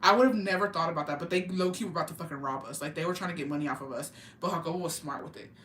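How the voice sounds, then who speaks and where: A woman's voice: sits low, very fast, a bit bright, slight background noise. A woman from Texas telling stories in casual chat, profane and gossipy, mixing in Spanish words. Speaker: livestream host. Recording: roomy echo.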